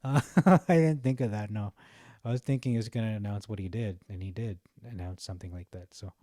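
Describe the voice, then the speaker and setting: A man's voice: lowish voice, fairly quick, dark tone, no echo, studio quality. A young man giving casual, rambling commentary on his vlog while browsing, chatty and often laughing at his own jokes. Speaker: stock market vlogger.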